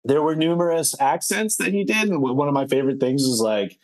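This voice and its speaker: A man's voice: a little high, brisk, no room sound. A man co-hosting a book podcast, chatting casually in a rambling, wry way with lots of fillers. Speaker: podcast co-host.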